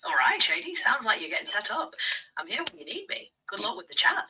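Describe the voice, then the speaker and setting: A female AI voice assistant giving polite, measured, helpful chatbot replies. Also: medium pitch, very animated, bright, forceful tone, distant mic, a little hiss or hum, rough recording.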